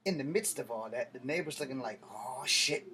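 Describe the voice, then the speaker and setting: A man's voice: medium pitch, animated, fast. A man in his thirties telling a story to camera, rambling and heated, with plenty of cursing. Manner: profane, heated, digressive street talk. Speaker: vlogger.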